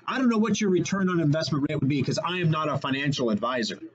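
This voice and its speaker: A man hosting a radio show, talking fast and energetically in casual chat and correcting himself as he goes. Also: a little high, expressive, highs cut off.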